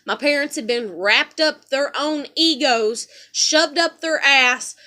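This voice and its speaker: A woman vlogger vents bitterly in an angry personal rant, her high voice sharp as she takes it slowly. She swears heavily and rambles, leaning on "you know" fillers, and stays bitter and heated.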